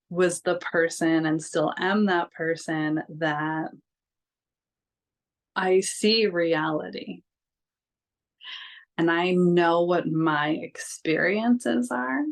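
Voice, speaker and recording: A woman's voice: fairly low pitch, gravelly. A young adult woman telling her own story in a vlog, candid and casual, with many fillers and frank swearing. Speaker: vlogger.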